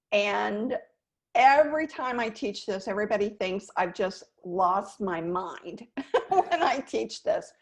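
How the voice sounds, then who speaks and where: A woman sales coach hosting an interview, talking in a lively way and acting out phone intonation as examples. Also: medium pitch. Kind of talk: conversational interview.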